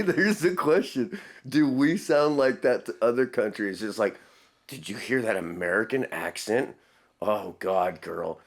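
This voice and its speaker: A man hosting a casual reaction video, laughing often and rambling between remarks. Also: medium pitch. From Texas.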